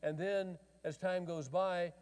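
Speaking slowly in a smooth, darkish voice that sits high with fairly even intonation, a middle-aged pastor relates a story in conversational style, quoting each speaker in the exchange. A large hall's long reverb colors the recording.

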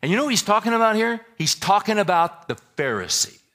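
A male pastor delivering a sermon in a bright, lifted voice. His pitch leaps about as he fires rhetorical questions and folksy asides at the room. His delivery is animated and conversational. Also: fast talker.

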